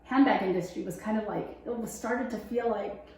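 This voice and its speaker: Speaking at a normal pace with a medium pitch and a darkish tone, a woman gives her faith testimony as a guest in a relaxed interview chat. She tells it with animation, voicing her earlier thoughts, and the room echoes heavily.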